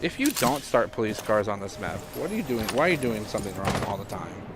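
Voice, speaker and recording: A man's voice: fairly low pitch, very animated, fast. A man giving color commentary on an esports match, analytical with frequent filler "uh"s. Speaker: esports caster. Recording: noisy background.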